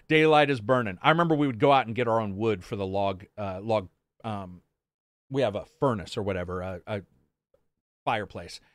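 Hosting a casual gaming podcast stream, a man with a lowish voice talks a little fast, telling loose, profane stories packed with laughs and asides. It's live-stream chat with no echo.

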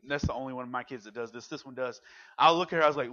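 A man's voice: mid-range voice, racing, pushed and bright, dull audio. A man in his thirties preaching a casual youth sermon, speaking conversationally and animatedly and acting out the quotes. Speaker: youth pastor.

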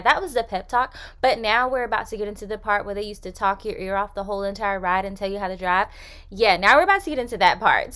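A woman's voice: mid-range voice, a bit bright, smooth. A young woman hosting a faith-based podcast, talking in a chatty, upbeat way with casual slang. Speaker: podcast host.

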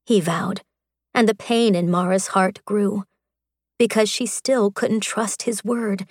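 A woman reading an audiobook in a measured, sensual storytelling style. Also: fairly low pitch, no echo, studio quality. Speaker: audiobook narrator. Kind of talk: scripted narration.

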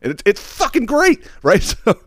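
A man's voice: very high-pitched, normal speed, dry recording, clean studio sound. A man hosting a podcast, ranting casually with lots of swearing and laughter. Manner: profane, laughing often, animated. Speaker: podcast host. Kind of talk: casual comedic rant.

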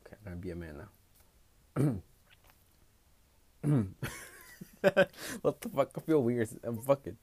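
A man's voice: mid-range voice, sing-song, a little slow, long pauses, mellow, slightly rough, no room sound. Blunt, foul-mouthed man. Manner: blunt, profane, switching between English and Spanish. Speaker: podcast host. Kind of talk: casual solo podcast monologue.

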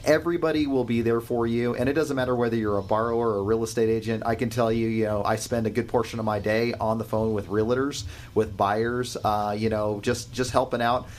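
Steady, reassuring lender boss. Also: male voice, medium pitch, brisk, few pauses, a little hiss or hum. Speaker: company head, mortgage lender. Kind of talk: conference call, business pitch.

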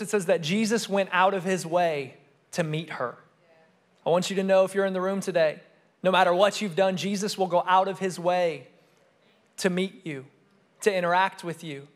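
Man, young adult, preaching, high-pitched, repetitive emphatic phrasing, swings between loud and soft. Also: moderate pace. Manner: emphatic preaching with repeated phrases and shifts in loudness. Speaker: student pastor. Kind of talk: sermon.

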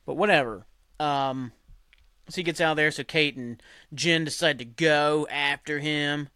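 A man's voice: on the high side, a little slow, sharp tone, smooth, no room sound, clean studio sound. A man hosting a podcast, recapping a TV episode in a rambling, casual way full of fillers. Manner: rambling, filler-heavy, acts out characters' lines. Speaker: podcast host.

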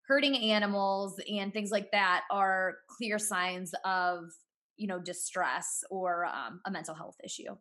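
Podcast guest: woman, former teacher, mid-pitched, earnest and chatty with soft laughs. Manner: earnest, talks through ideas with frequent "you know" and soft laughs. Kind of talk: casual podcast conversation.

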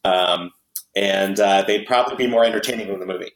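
A man's voice: on the low side, a little fast, echoey room, rough recording. A man hosting a podcast, chatting casually and wryly about a movie with lots of fillers. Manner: chatty, wry, many fillers. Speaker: podcast host.

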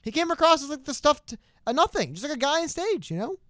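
A man's voice: very high-pitched, sing-song, quick pace, bright, forceful tone, dry recording, clean studio sound. A young man co-hosting a casual political talk show, arguing emphatically and slipping into mocking impressions. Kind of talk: casual political debate chat.

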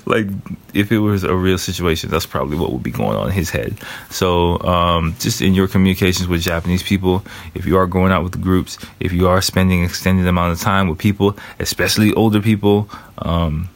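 Deep-voiced man, 30s, profane and rambling, casual advice vlog. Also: fairly quick. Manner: profane, rambling, acts out other people's thoughts. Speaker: commentator on a show.

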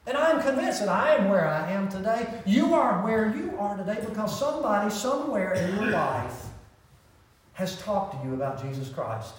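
A middle-aged man preaching a sermon as pastor, talking in an animated, conversational way and asking the congregation questions. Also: high-pitched, normal speed. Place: church sanctuary. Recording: roomy echo from a distance.

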